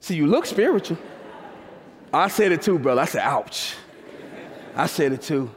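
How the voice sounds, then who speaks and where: A man preaching a sermon, swinging between fervent shouts and quiet asides as he talks straight to the congregation and laughs often. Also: a little high, expressive, fairly quick, big-room sound, slight background noise. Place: church.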